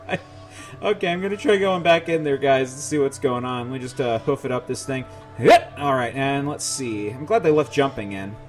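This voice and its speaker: A man playing a video game demo and commenting, confused and nervous, laughing to himself and breaking into high, panicked shouts when scared. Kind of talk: let's play commentary.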